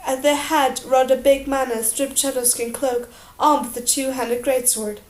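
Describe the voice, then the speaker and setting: A woman narrating an audiobook in a steady, expressive storytelling manner. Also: high voice, moderate pace. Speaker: audiobook reader. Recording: roomy echo.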